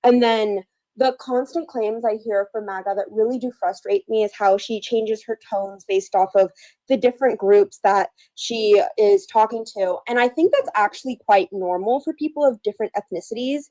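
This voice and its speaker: A woman's voice: mid-range voice, moderate pace, warm tone, no room sound, low-quality recording. A young American woman calling in to a live debate, explaining her view earnestly and at length. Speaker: caller.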